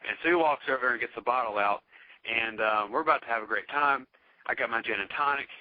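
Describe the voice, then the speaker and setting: A man's voice: medium pitch, fast talker, no room sound. A man casually telling a wild story as a podcast guest, swearing freely and acting out what others said. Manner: animated, profane, acts out quoted voices. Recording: dull, dry lo-fi podcast audio.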